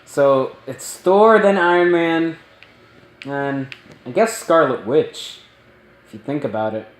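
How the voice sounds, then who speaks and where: Man, casual movie review, rambling, excitable, slightly high voice, echoey room. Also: slow. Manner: rambling and excitable, many ums and likes. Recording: roomy echo.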